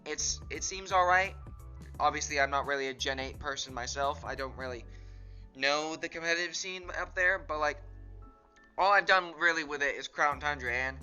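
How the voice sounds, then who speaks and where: A man chatting casually through a tier list. He rambles, cuts himself off, and giggles along the way, and his voice is very bright and sharp. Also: fairly high pitch, normal speed, highs cut off, faint music behind. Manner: rambling, self-interrupting, giggly. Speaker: gaming YouTuber.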